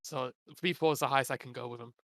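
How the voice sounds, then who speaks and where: A man co-hosting a casual gaming podcast, enthusiastic and speaking in quick bursts. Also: medium pitch, steady tone, fairly bright tone. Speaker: podcast co-host.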